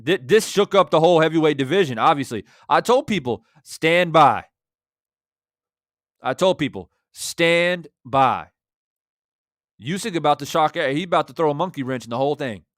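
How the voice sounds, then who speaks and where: A man's voice: fairly high pitch, expressive, fast, hardly any pauses, no echo, studio quality. Brash man giving live boxing commentary. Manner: brash, confident, talks straight to viewers. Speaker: boxing YouTuber. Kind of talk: live-stream commentary reading super chats.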